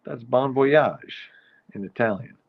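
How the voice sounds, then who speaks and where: Over phone-quality sound, a man with a lowish, animated voice takes his time hosting his nightly live show. Casual and rambling, he interrupts himself often while saying hello to viewers by name.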